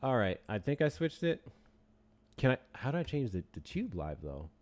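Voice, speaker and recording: A man's voice: medium pitch, big pitch swings, normal speed, a little mellow. A man hosting a casual livestream, joking, swearing and reading out donations to the chat. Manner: profane, joking, reads out donations. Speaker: livestream host.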